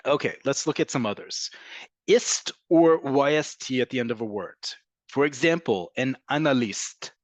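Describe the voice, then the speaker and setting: A man teaching an online class, patiently explaining and slowly repeating words to model how they sound. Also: medium pitch, no echo. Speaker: Hebrew teacher.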